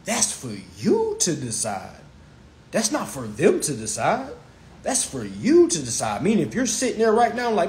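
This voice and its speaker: A man's voice: high-pitched, wildly swooping pitch, moderate pace, a little mellow, slight background noise. A man lecturing on a live stream, blunt and profane, who repeats his phrases for emphasis.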